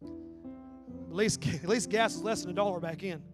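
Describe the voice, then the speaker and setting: A man's voice: high-pitched, unhurried, over music. A man, preaching a sermon in a folksy, joking storytelling way. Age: 40s. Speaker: pastor. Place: church.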